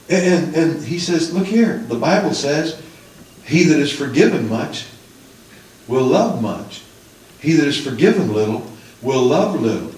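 Older male preacher, slightly high voice, emotional testimony style, distant mic, heavy room echo. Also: expressive, unhurried, darkish tone. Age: 60s. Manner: emotional storytelling, rising to pleading highs. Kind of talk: sermon testimony.

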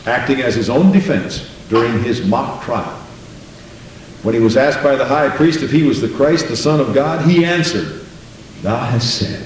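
A man's voice: moderate pace, slight background noise. A man preaching a sermon in a church, asking questions and acting out quarrels between people. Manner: rhetorical, acts out quoted dialogue with pitch jumps. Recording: very echoey room, voice far from mic.

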